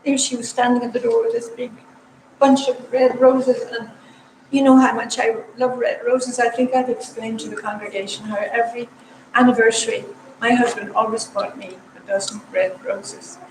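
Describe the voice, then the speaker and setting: A woman's voice: on the high side, flat delivery, normal speed. An older woman telling an emotional personal story at a church meeting. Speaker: parishioner. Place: church hall. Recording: echoey hall, mic from far off, noisy.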